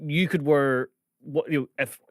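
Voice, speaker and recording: A man's voice: fairly high pitch, steady tone, unhurried, no echo, studio quality. A tired man as a podcast guest, rambling and joking in casual chat, swearing freely. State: tired, short on sleep.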